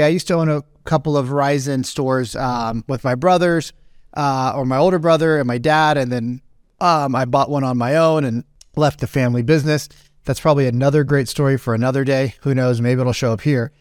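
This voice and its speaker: A man's voice: on the high side, dry recording. Rambling man telling a story, close and dry. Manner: rambling, animated, acts out quoted voices. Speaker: podcast host. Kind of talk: casual storytelling monologue.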